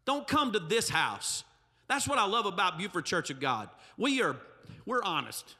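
A man's voice: sits high, very animated, normal speed, bright, forceful tone, big-room sound. A male pastor, preaching a humorous, emphatic sermon with asides to the congregation. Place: church sanctuary.

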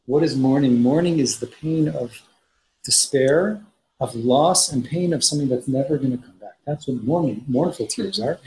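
A man's voice: medium pitch, normal speed, a little mellow. Man teaching a text class, roomy echo. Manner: reads Hebrew passages aloud and explains them in English, with many restarts. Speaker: Torah teacher. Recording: roomy echo, faint noise.

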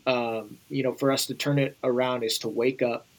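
A man's voice: medium pitch, little pitch movement, moderate pace, rough recording. A man speaking as an interview guest, emphatic and urgent, talking straight to the viewers. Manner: emphatic and urging, addresses viewers directly. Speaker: guest, former Navy SEAL. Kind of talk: conversational interview.

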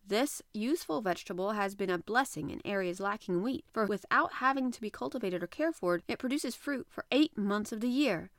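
A woman reading an adventure novel aloud as an audiobook narrator, in a measured, even manner. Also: medium pitch, no room sound, studio quality. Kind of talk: scripted narration.

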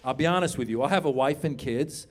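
A man's voice: mid-range voice, quick pace. A man in his fifties doing a stand-up comedy set on a comedy club stage, talking to the crowd and acting out characters. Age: 50s. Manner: animated, crowd work, acts out characters.

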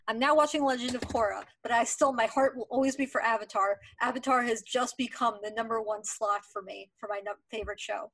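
Enthusiastic young woman, slightly high voice. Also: fairly quick, few pauses, fairly bright tone. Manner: enthusiastic, insistent recommending. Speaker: podcast co-host. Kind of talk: casual podcast chat.

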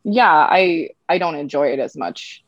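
A woman's voice: deep voice, unhurried, no echo. A woman talks frankly on a podcast, sharing strong opinions in a casual tone. The recording sounds dull and muffled, and the room is dry. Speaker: podcast co-host. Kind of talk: casual chat.

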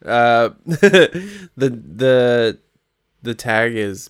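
A man co-hosting a casual podcast, laid-back and quick to laugh. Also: medium pitch, lively intonation, no echo, clean studio sound. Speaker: podcast co-host. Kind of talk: casual chat.

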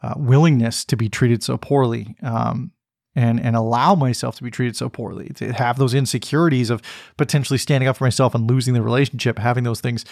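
A man's voice: medium pitch, steady tone, a little fast, vocal fry, darkish tone, no echo, clean studio sound. Candid man telling a story. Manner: candid, reflective. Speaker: podcast host. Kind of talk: personal storytelling.

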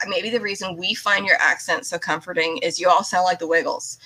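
A middle-aged American woman with a Californian accent, hosting an interview podcast in a chatty, animated way, full of quick asides. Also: fairly low pitch, breathy edge, low-quality recording. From United States. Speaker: podcast host. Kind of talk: casual interview chat.

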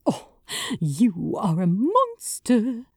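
A woman's voice: mid-range voice, wildly swooping pitch, drawn-out words, breathy edge, no echo, clean studio sound, heavily acted. Woman playing a prim, fond angel man. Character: fussy, affectionate male angel.

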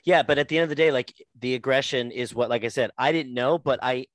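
A man's voice: medium pitch, fast, no room sound. A man co-hosting a casual chat, talking with enthusiasm and rambling a little. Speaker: podcast co-host.

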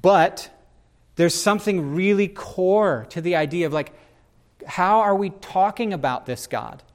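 A man hosting a casual faith discussion, talking in an animated, rambling way with frequent restarts. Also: high-pitched, measured pace.

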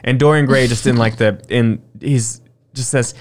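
A man's voice: mid-range voice, normal speed. A man co-hosting a podcast, chatting casually and sarcastically about a movie, swearing and doing mock voices. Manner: sarcastic, profane, does mock voices of characters. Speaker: podcast co-host. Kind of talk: casual chat reviewing a movie.

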